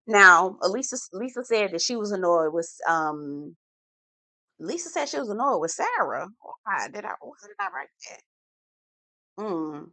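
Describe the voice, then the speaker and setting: Sassy slangy woman, casual reality tv recap, drawn-out emphasis, dry close sound. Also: medium pitch, very animated, vocal fry, pushed and bright, dry recording. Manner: sassy, slangy, blunt commentary. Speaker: TV recap reviewer.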